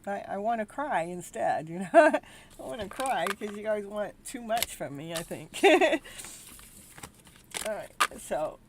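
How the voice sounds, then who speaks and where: A woman's voice: medium pitch, animated, measured pace, a little hiss or hum. A tired, worn-out woman hosting a live tarot reading, rambling and exasperated as she talks to her viewers. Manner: rambling, weary and exasperated, with frequent restarts. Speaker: tarot reader and show host.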